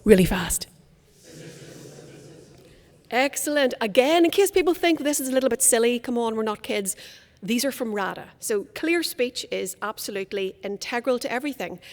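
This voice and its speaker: A woman speaking coach giving a conference workshop, enunciating crisply with theatrical emphasis. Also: on the high side, a little mellow. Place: conference hall. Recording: long hall reverb.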